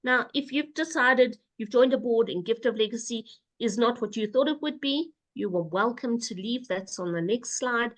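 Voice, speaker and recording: A woman presenting rules on a video call, brisk and instructive, with playful asides. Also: fairly high pitch. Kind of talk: casual webinar presentation.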